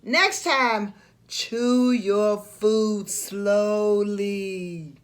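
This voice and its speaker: A woman voicing a calm, helpful male cartoon mouse in a storybook read-aloud, explaining things patiently. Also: medium pitch, extremely slow, voice pushed down.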